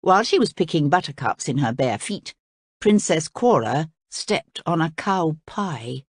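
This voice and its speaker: Woman reading a children's story, lively. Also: low-pitched, measured pace, slightly rough, no room sound, studio quality. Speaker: storybook reader. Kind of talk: children's story read aloud.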